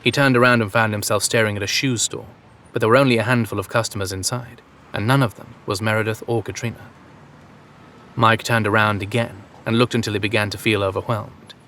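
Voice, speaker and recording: A man reading a story aloud in a steady, measured narration. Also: lowish voice, slight background noise. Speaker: audiobook narrator. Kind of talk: scripted narration.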